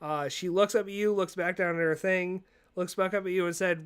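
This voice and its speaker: High, smooth-voiced male game master. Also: brisk. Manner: relaxed narration with frequent fillers. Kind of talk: narrating a tabletop game.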